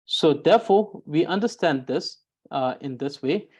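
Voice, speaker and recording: A woman teaching Tibetan grammar as a lesson, explaining carefully and often repeating and rephrasing her points with frequent pauses. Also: low-pitched, lively intonation, a little mellow, slightly rough.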